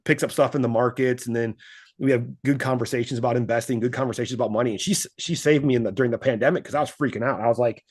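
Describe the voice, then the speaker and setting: A man's voice: medium pitch, steady tone, rapid-fire, darkish tone. A man guest on a business interview, talking casually and animatedly about money, often acting out the voices of the people in his stories. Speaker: guest, finance coach.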